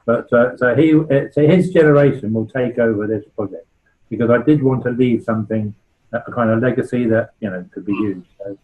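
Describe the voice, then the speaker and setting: A man's voice: mid-range voice, a little fast, phone-quality sound. A man in his sixties with a West Country accent, a charity founder giving an informal talk to a club, chatty and anecdotal. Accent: West Country English. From West Country of England. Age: 60s. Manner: chatty and anecdotal, checking in with "right?".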